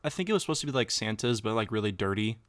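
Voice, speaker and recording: A man's voice: fairly low pitch, rapid-fire. A young man co-hosting a podcast, retelling a scene with crude swearing and lots of energy. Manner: excitable retelling, crude swearing, acts out quotes. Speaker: podcast co-host. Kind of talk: casual podcast chat.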